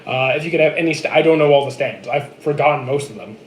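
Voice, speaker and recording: A man in his thirties from Canada, chatting casually on a live stream and answering viewer comments in a relaxed, dry way. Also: medium pitch, quick pace. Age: 30s. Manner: relaxed, dry, answers chat questions flatly. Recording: echoey room with faint noise.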